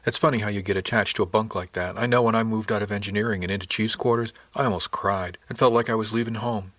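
A man narrating an audiobook voices a frank, friendly woman spacer, speaking candidly and matter-of-factly, in his own low-pitched voice. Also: fairly even intonation, fast talker, fairly bright tone, dry recording. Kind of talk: audiobook character voice.

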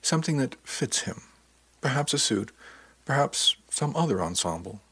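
A man voicing a composed, businesslike woman who speaks briskly and with assurance. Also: medium pitch, very animated, pushed and bright, husky, voice pushed up, full character voice. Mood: assured.

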